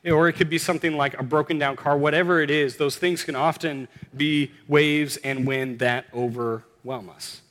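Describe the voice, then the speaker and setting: A man preaching a sermon, earnest and conversational, rising to emphatic exclamations at the high points. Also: steady tone, normal speed, hardly any pauses, fairly bright tone. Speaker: pastor. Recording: long hall reverb.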